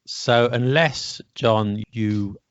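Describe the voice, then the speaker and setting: A man's voice: mid-range voice, very slow, no echo. A British man co-hosting a casual chat, musing aloud and answering with questions back. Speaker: podcast co-host. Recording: dry, dull lo-fi audio.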